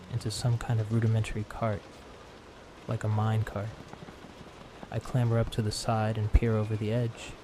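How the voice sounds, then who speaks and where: A man narrating a horror story in a calm, slow, hushed tone, meant for falling asleep. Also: lowish voice, background noise. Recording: steady rain sound behind.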